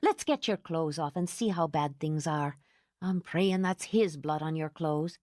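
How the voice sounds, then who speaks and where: A woman voicing a fierce, protective older housekeeper who talks in indignant, excitable outbursts. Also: deep voice, unhurried, dry recording, clean studio sound. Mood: vengeful.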